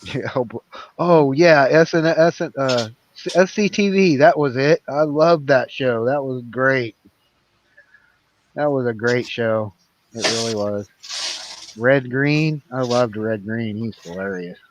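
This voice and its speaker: A man's voice: mid-range voice, takes it slowly, slight background noise. A man co-hosting a casual live stream, chatting and laughing, often stammering as he starts sentences. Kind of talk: casual livestream chat.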